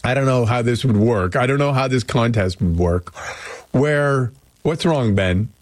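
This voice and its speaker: A man's voice: mid-range voice, a little slow, no room sound. A male radio host chatting casually on air, rambling and joking, often stopping to restart his thoughts. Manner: rambling, self-interrupting, joking. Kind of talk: casual morning radio chat. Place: radio studio. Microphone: studio microphone.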